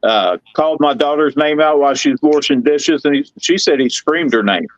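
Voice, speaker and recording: Middle-aged man, folksy rambling storyteller, fairly high voice, dull dry recording. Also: expressive, fairly quick, no echo. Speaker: guest telling paranormal stories. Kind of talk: casual storytelling chat.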